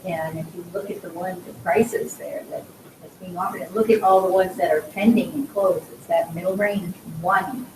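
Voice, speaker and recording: A woman in a real estate class, answering in a halting way and searching for words as she describes the market. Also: on the low side. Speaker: trainee agent. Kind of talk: classroom discussion. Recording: echoey, distant from the mic, noisy.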